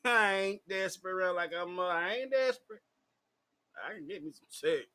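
A tipsy man telling a crude personal story in casual, profane vlog style, laughing often and shouting when he gets heated. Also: animated, moderate pace. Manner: loud, crude and laughing, swings into high shouting. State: drunk. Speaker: vlogger.

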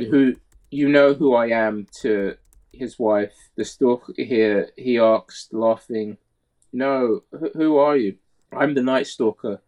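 A man hosting a podcast, reading a crime account aloud in a plain, steady way with small stumbles, then chatting. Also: on the low side, rough recording. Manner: reads passages in a plain, steady way, stumbling over words.

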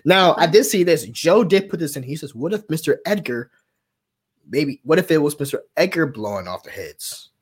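A man's voice: fairly high pitch, lively intonation, normal speed, husky. A man co-hosting a casual aftershow podcast, ranting profanely and acting out quotes. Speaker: aftershow co-host.

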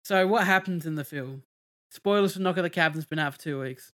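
A man's voice: a little high, a little fast, a bit bright. Rambling man recapping a movie. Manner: rambling, many fillers and restarts. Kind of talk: casual movie review chat.

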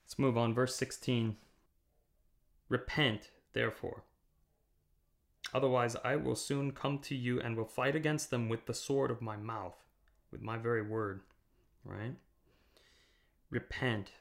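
A male pastor with a gravelly, creaky voice gives a recorded sermon to camera. He talks conversationally, checks in with his listeners as he goes, and swells into fervent emphasis. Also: mid-range voice, unhurried. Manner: conversational preaching, rising to impassioned emphasis; frequent checking "okay?" with listeners. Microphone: camera mic.

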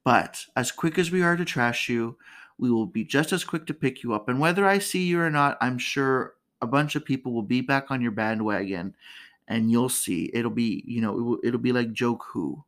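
A woman's voice: a bass voice, moderate pace. A woman hosting a casual comedic commentary, chatty and candid, laughing often. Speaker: podcast host.

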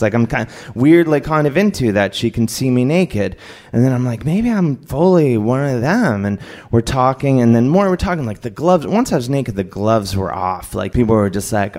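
Animated male comic storyteller. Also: medium pitch. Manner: animated, laughing, acts out voices of others. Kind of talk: live comedic storytelling.

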